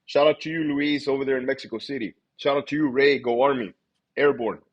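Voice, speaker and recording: Husky, profane man hosting a livestream. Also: mid-range voice, highs cut off. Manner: profane, blunt, reads shout-outs in a rapid list. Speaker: livestream host. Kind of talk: casual livestream chat.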